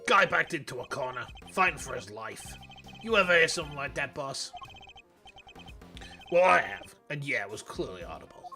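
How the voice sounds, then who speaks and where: A man voicing a tough male prison inmate boxer in a thick put-on Bronx accent, streetwise and gravelly. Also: medium pitch, sing-song, bright, forceful tone, faint music behind, heavily acted. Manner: streetwise, growling, drawn-out.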